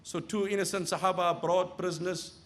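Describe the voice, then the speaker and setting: A man with a high-pitched voice delivers a sermon. He tells stories in a hushed tone, then rises into loud, impassioned pleading. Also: level tone, fairly quick. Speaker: preacher. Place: Islamic center.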